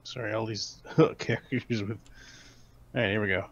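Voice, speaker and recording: Halting gravelly male player, muffled mic. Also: lowish voice, fairly even intonation. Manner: halting, self-correcting. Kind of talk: casual table chat. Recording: dull lo-fi mic.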